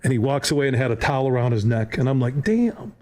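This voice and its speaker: A man's voice: medium pitch, rapid-fire. A man on a podcast telling a story with energy and acting out the other people in it. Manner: lively anecdote-teller, acts out voices. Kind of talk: animated storytelling.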